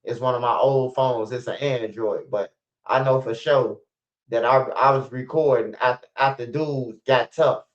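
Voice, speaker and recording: Speaking at a measured pace, a middle-aged Chicago storyteller delivers a rambling, profane, street-talk monologue of stories. His mid-range voice stays steady in tone, and the recording is lo-fi and slightly muffled.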